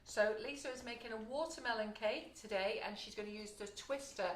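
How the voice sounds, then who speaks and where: Loud chatty Englishwoman in an echoey kitchen. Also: a little high, brisk, a little hiss or hum. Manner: loud, chatty, reads out viewer comments. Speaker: shop owner hosting a live baking stream. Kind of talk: casual live-stream chat. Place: shop kitchen.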